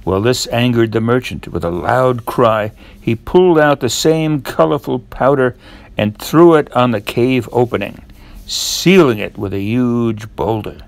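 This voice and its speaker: An older man reading a fairy tale aloud to children in a gentle, measured way. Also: mid-range voice, vocal fry. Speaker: storyteller.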